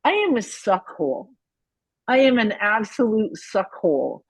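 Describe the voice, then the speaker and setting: A woman's voice: medium pitch, sing-song, unhurried, slightly rough, no room sound, poor audio. A woman in her fifties, a guest musician in a casual interview, telling candid, profane stories with plenty of feeling. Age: 50s. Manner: profane, candid, emotional storytelling.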